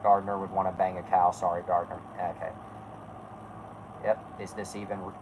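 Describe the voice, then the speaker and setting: A streamer reacting aloud to a video, loud and excitable, swearing and laughing a lot. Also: low-pitched, moderate pace, a little hiss or hum, rough recording. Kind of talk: reacting while watching a video.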